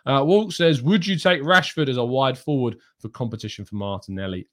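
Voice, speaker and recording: A man's voice: medium pitch, brisk, a bit bright. A man hosts a live question-and-answer stream, reading viewer messages aloud and answering each one. He talks in an opinionated, ranting way, often breaking off and restarting his sentences. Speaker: host.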